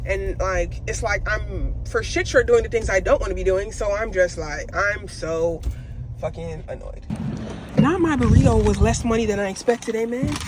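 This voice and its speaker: A woman's voice: mid-range voice, moderate pace, noisy background. Candid young woman vlogging on a phone. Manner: candid, slangy and expressive, swearing freely. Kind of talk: casual vlog monologue.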